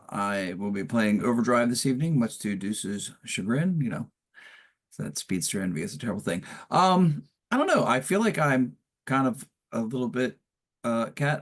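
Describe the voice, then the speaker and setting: A man player chatting casually about his character, with joking quick asides. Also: medium pitch. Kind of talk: casual chat.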